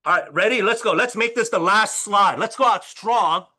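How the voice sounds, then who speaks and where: A man teaching a high school chemistry class and telling stories, with an animated delivery that keeps asking the students "right?". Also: normal speed. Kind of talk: classroom lecture with storytelling.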